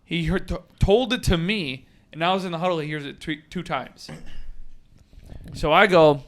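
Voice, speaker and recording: Podcast host, male, slightly high voice, animated and laughing storyteller. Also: moderate pace. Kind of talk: casual chat.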